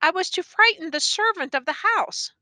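A woman reading the part of a frightened young man on trial, answering in short, halting replies. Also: extremely high pitch, lively intonation, sharp tone, dry recording, voice pushed up, full character voice.

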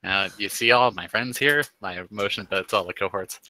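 A man's voice: on the low side, a little fast, sharp tone, low-quality recording. A man playing a tabletop game, brash and given to swearing and threats in character. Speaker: player.

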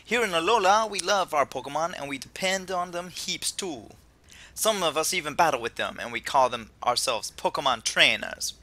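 A booming, cheerful island professor welcoming new trainers, as a man puts him on. The voice leaps around with lively swings and a bright, forceful edge, and he stays upbeat and playful throughout. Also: moderate pace, few pauses. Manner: booming, playful, attempting a put-on island lilt.

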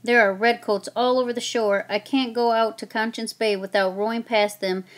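A woman's voice: on the high side, steady tone, normal speed, lightly acted. A woman voicing a young colonial boy who speaks eagerly and urgently in a children's story reading.

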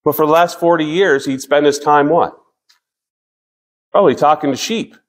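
A man in his fifties preaching a sermon as pastor, earnest, slowing down to read scripture and often restarting his sentences. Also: on the high side.

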